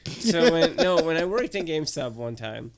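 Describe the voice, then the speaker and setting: A man, a podcast co-host telling stories in casual, swearing, animated chat. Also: fairly high pitch, moderate pace, a little hiss or hum.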